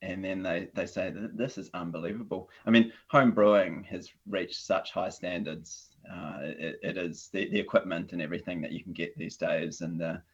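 A man with a New Zealand accent, talking casually as a guest, relaxed and hesitant, with plenty of fillers and restarts. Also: sits low, moderate pace, hardly any pauses, breathy edge. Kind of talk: casual conversation. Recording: dull lo-fi audio.

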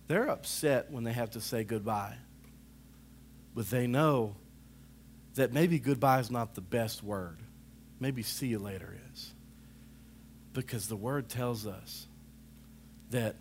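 A man preaching a sermon, animated, rising to loud calls and dropping to hushed asides, often saying "come on" to the congregation. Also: medium pitch, takes it slowly, long pauses, a little hiss or hum.

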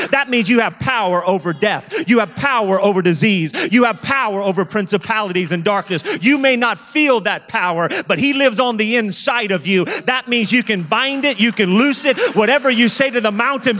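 A man preaches in a high, ringing voice. He drives his points home in emphatic, rhythmic runs and drops in wry jokes along the way. The sound carries a long reverb, as in a big hall. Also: bright, forceful tone, slight background noise. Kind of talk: sermon.

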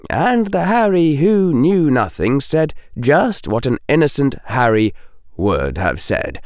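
A man narrating an audiobook with expressive delivery and acting out each character's voice. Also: fairly low pitch, no room sound, studio quality.

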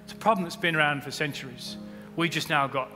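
Man, pastor, sermon, emphatic peaks, fairly high voice, faint music underneath. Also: fast. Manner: animated preaching, rising to loud emphatic peaks. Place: church auditorium. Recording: long hall reverb with faint music.

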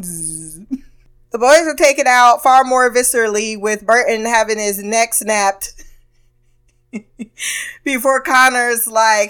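A woman's voice: a little high, expressive, measured pace, a bit bright, clean tone. A woman hosting a podcast, recapping a TV episode in a loose, blunt and profane way, laughing often and acting out characters' lines. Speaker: podcast host.

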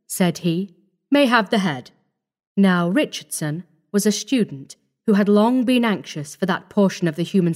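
A woman narrating a classic short story in a measured, steady reading. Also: mid-range voice.

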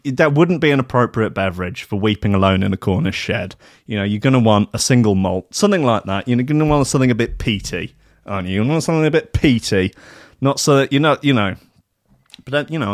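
A man's voice: fairly low pitch, dry recording, clean studio sound. A man hosting a casual drinking chat show, rambling and swearing with a self-mocking tone and frequent restarts.

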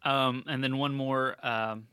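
A laid-back man co-hosting a movie podcast, cursing casually as he chats. His voice is bright and a little sharp, recorded close and dry with no room sound. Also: mid-range voice, steady tone, slow, clear, resonant tone, no room sound. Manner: laid-back, swears freely. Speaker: podcast co-host. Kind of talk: casual movie-review chat.

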